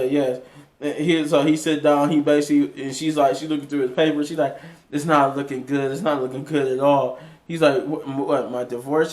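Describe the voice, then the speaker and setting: A man casually recapping a TV episode in a rambling way, with frequent restarts and fillers. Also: on the high side. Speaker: TV episode reviewer.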